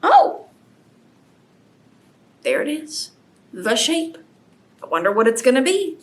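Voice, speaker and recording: A woman leading a children's storytime as librarian, animated and gasping with exaggerated delight for the kids. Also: high voice, takes it slowly.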